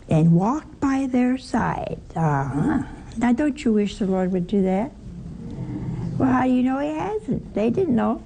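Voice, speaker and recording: A woman leads a scripture lesson at an unhurried pace, her voice gravelly with fry. She keeps asking her listeners rhetorical questions and acts out the quoted lines. Her tone is dark and mellow. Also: medium pitch, slight background noise. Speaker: Bible study teacher. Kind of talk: conversational scripture teaching.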